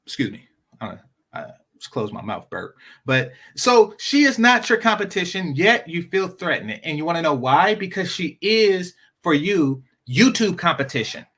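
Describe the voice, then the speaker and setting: A man's voice: on the high side, sing-song, normal speed, a bit bright. A man hosting a live-stream talk show, giving blunt, rambling commentary with many repeated words. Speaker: show host.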